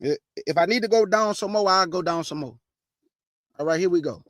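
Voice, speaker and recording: A woman hosting an informal Bible teaching, reading verses slowly and firmly and breaking in with pointed rhetorical questions in a casual, plain-spoken way. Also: fairly low pitch, no echo, clean studio sound. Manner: casual, plain-spoken, addresses listeners as "y'all".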